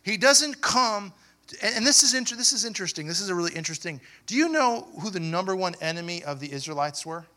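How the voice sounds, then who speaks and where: Bright-voiced high male pastor preaching. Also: animated, fast talker. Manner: preaching with call-and-response questions to the congregation; builds to loud emphatic preaching. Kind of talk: sermon.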